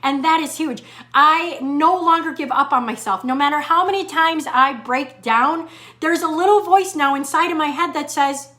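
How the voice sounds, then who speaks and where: A middle-aged woman hosting a live motivational talk as a fitness coach, reading viewer comments and repeating key lines slowly for emphasis. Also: sits high, pushed and bright. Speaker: fitness coach and show host.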